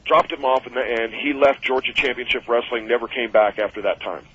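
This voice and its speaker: A man spins animated road stories as a radio guest, putting on voices for the people he describes. His voice sits in an ordinary middle pitch. The sound is dull and lo-fi, like old radio audio. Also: a little fast. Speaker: guest wrestler telling stories. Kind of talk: radio call-in storytelling.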